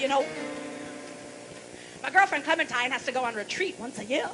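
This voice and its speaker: A comedian and singer with a high voice does salty, bawdy stand-up patter, animated and at normal speed, acting mock-forgetful between jokes. The live concert recording from a large, boomy venue is poor, with music and loud audience noise behind her.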